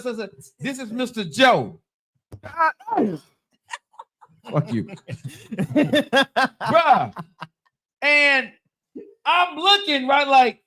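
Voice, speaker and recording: A high-voiced man in his thirties spins a profane story with wide, swooping pitch. He talks in a casual, dramatic way and keeps asking "right?" between beats. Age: 30s. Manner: animated, dramatic, repeats "right?". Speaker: storyteller on a live-streamed talk show.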